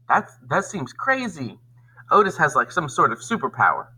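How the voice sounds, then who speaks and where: Lively man reading a storybook aloud. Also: a little high, normal speed, rough recording. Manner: animated storytelling, corrects own slips aloud. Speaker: teacher reading a book to students. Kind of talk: reading a children's novel aloud with comments.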